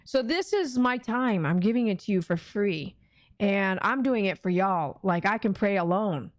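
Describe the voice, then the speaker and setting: Chatting with her audience during a casual live-streamed prayer session, this middle-aged Texan host sometimes voices her own inner thoughts aloud. Her mid-range voice is expressive, her pace is normal, and there's no echo.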